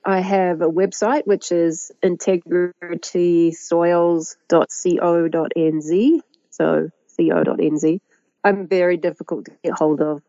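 A middle-aged woman with a New Zealand accent, a guest who talks about her work in a lively, chatty way and laughs often. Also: fairly low pitch, a little slow, no room sound, dull audio. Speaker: guest, agroecologist and author. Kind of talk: conversational interview.

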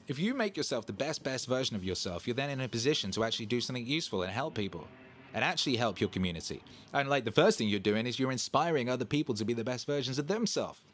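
A man hosting a livestream, talking casually and animatedly, breaking into mocking voices. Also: mid-range voice. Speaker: streamer hosting a Q&A show.

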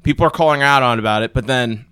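A man's voice: mid-range voice, very fast, a bit bright, clean tone, no echo. A man in casual chat, opinionated and laughing often, who mimics others' voices while ranting.

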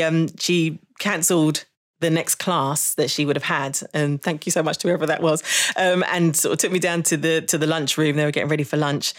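A woman's voice: low-pitched, fairly even intonation, brisk. A woman, a jazz saxophonist being interviewed, telling stories about her school days in a reflective, chatty way with frequent laughter. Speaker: podcast guest, jazz saxophonist. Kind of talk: conversational interview.

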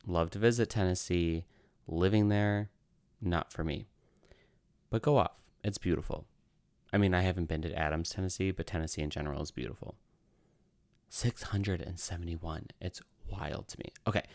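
A man's voice: deep voice, clear, resonant tone, no echo, clean studio sound. A man hosting a paranormal true crime podcast, telling the story in a chatty way and wandering off into tangents. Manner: chatty, tangent-prone, self-amused. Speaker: podcast host. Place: lives in New York City.

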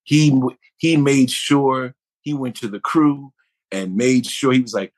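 Animated man telling a story. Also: medium pitch, a little slow. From Buffalo, New York. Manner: animated, acts out others' voices in anecdotes. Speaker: actor and guest. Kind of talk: conversational storytelling.

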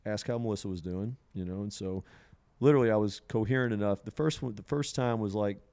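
A man with a smooth, clean voice that sits a little low, telling a long personal story at an easy conversational pace. He rambles, leans on "you know" and laughs along the way. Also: fast talker, a little mellow. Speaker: podcast guest sharing a psilocybin experience.

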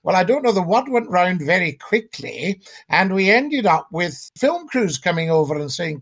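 A man's voice: sits high, big pitch swings, moderate pace, a bit bright, slightly rough. An older man from Scotland, a guest on a podcast, telling comic stories with a theatrical, jokey manner. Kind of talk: comic storytelling chat.

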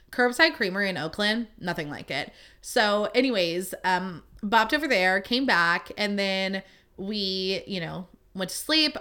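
A young woman with a bright, sharp-edged voice hosts her own podcast, rambling through a story in casual chat. She talks in a chatty, lively way, with plenty of "like" and the occasional swear word. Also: medium pitch. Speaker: podcast host.

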